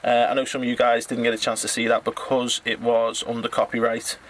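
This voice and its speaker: A middle-aged man from England thanking his online community, halting with many fillers and stumbling over names. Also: medium pitch, completely flat delivery, a bit bright, slight background noise. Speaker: drone hobbyist vlogger. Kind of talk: casual thank-you message to viewers.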